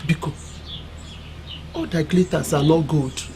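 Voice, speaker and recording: A woman's voice: low voice, unhurried, heavy background noise. An actress playing a wise village mother with a Nigerian accent, counselling her daughter through proverbs. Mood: knowing. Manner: knowing, proverb-laden counsel.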